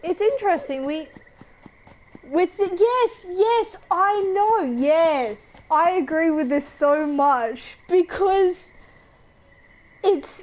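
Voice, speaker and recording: A woman's voice: extremely high pitch, rough recording. A young Australian woman casually chatting while she plays a game, giggly and often trailing off into laughter. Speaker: gaming streamer.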